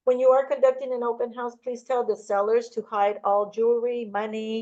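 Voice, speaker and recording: A woman's voice: fairly high pitch, fairly even intonation, fast, mellow. Woman trainer rambling thru open house tips, chatty, restarts a lot, muffled lo-fi sound. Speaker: real estate trainer. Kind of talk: casual training talk with anecdotes.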